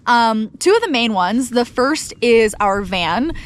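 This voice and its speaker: A young woman chats upbeat and casual into a camera mic outdoors, her voice sitting fairly high. She talks to viewers and gives her dog quick commands, with faint outdoor noise behind her. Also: expressive. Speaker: outdoor vlogger. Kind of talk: casual vlog talk to camera. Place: outdoors by a mountain lake.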